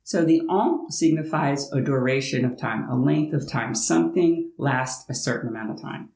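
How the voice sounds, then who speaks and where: A woman's voice: a bass voice, moderate pace, gravelly, darkish tone, echoey room, rough recording. An American woman vlogging casually from her home in France, explaining things in a chatty way with playful asides. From United States. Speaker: language-learning vlogger. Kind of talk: casual talking-head vlog.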